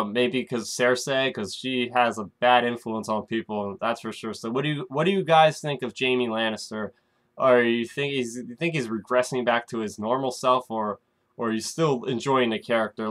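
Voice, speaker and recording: A man's voice: medium pitch, steady tone, moderate pace, a bit bright. A man hosting his weekly show, chatting casually and speculating, often calling out to his viewers. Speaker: show recap host. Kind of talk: casual chat to the camera.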